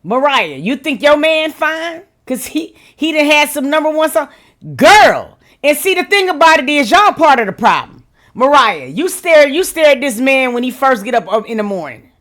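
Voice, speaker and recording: A woman reacting to clips as a streamer, loud and exclaiming with frequent laughs, speaking. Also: high-pitched, sing-song, normal speed. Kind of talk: casual reaction commentary.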